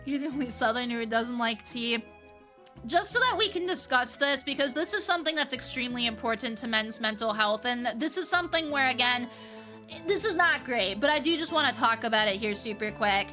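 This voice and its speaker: A young adult woman from Michigan's Peninsula, chatting casually with viewers on her stream, animated and swearing freely as she reads chat aloud and answers it. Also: fairly high pitch, fairly quick, faint music behind. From Upper Peninsula of Michigan, US.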